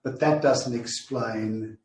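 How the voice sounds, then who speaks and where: A mid-pitched man asks his teacher to explain a grammar rule further. He sounds puzzled and inquisitive. His voice echoes in the room. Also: slow, a little mellow. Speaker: student. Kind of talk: asking questions in class.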